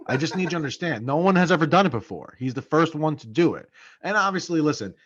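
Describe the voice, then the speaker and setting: A man's voice: on the high side, expressive, quick pace, fairly bright tone. Man, podcast co-host, casual and profane, hammers points home, dull lo-fi sound. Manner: swears often, repeats for emphasis. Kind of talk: casual sports chat.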